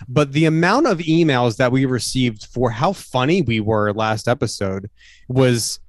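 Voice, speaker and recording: A man banters his way through a comedy podcast intro, playful and self-mocking, tripping over restarts. His voice sits at a middle pitch. The sound is dry and close. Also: unhurried, no echo. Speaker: podcast co-host.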